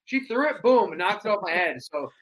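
Young man, high bright voice, lively storyteller, casual chat. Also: brisk. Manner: animated storyteller, slips into wrestler impressions. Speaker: cosplayer guest.

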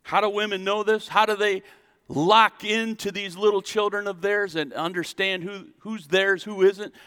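A man preaching a sermon as a pastor, animated and drawing call-and-response from his congregation in a church sanctuary. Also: sits high, normal speed, smooth. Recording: long reverb in a hall.

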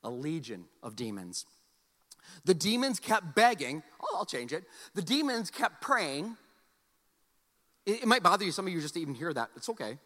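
A man's voice: a little high, sing-song, normal speed, sharp tone, big-room sound. A man preaching a sermon to a congregation. He talks in a conversational, joking way and often repeats words as he restarts his sentences. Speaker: pastor.

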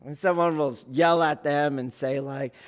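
A man, a police academy instructor, explaining training in a casual teaching talk, checking in often with his listeners and acting out loud shouts. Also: on the high side, steady tone, unhurried. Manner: keeps checking in with "do you see?"; acts out trainees and yelling officers in sudden loud bursts.

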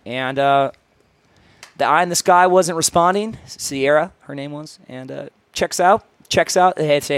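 A man's voice: on the high side, unhurried, smooth, no echo. A young man, a podcast co-host, insistently telling a story to friends in casual chat. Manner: insistent, keeps retelling his story in order.

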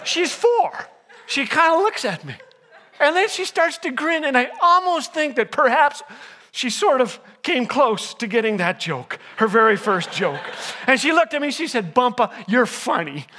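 An older man preaches with a very high voice that sounds sharp and bright. He strings together jokes and stories and teases the live audience when they miss the punchline. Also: big pitch swings, moderate pace, in a large hall, slight background noise. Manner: jokey storyteller, teases the audience. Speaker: chapel speaker. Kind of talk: humorous sermon with jokes.

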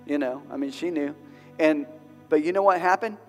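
A man preaching a sermon as pastor, emotional and building to loud, rising exhortation, with a Southern US accent. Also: on the high side, moderate pace, soft background music. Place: large venue with long reverb. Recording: reverberant hall recording.

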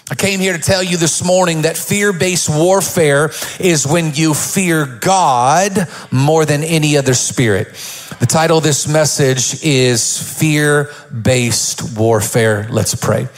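Pastor guy preaching, slightly high voice, jokey then fired up. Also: takes it slowly, faint music behind. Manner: joking, storytelling, builds to fervent preaching. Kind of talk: sermon. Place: church stage.

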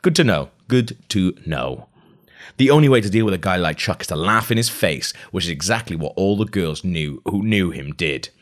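A man's voice: sits low, expressive, fairly quick, few pauses, fairly bright tone. A man casually reading a novel aloud, chatty and amused, breaking off to react to the story. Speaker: reader of a novel. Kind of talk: casual read-aloud with asides.

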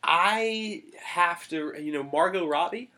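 A man's voice: sits high, slow pace, sharp tone. A man from the Boston area, co-hosting a podcast, talking films casually and enthusiastically, with lots of restarts. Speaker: podcast co-host. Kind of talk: casual film chat.

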